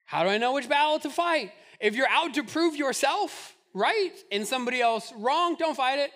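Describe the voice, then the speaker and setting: A man preaching a sermon in an animated way, acting out the voices of the people in his stories. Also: very high voice, normal speed. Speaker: pastor.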